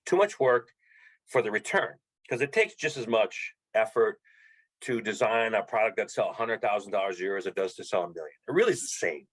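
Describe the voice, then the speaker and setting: A middle-aged man telling animated stories as an interview guest, acting out the dialogue. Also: fairly low pitch, brisk, low-quality recording. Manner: animated storyteller, acts out dialogue. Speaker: podcast guest, bike fitter. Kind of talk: storytelling interview.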